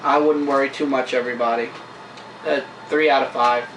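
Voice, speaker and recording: A man's voice: mid-range voice, fairly even intonation, brisk, a bit bright, slight background noise. A man co-hosting a casual comic book review, offhand, opinionated and jokey. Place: indoor room with a camera. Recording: echoey room, distant mic.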